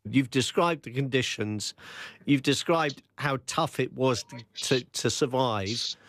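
A man's voice: medium pitch, slow pace, fairly bright tone. A man conducting a news interview, asking probing follow-up questions. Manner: probing, with brief backchannel murmurs.

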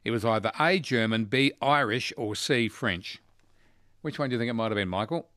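A man hosting a casual talkback radio quiz, chatty and quick to laugh. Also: mid-range voice, no room sound, clean studio sound. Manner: chatty, animated, laughs easily.

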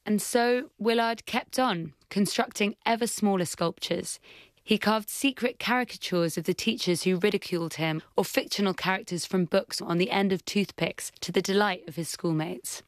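A woman giving measured, scripted documentary narration. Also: mid-range voice.

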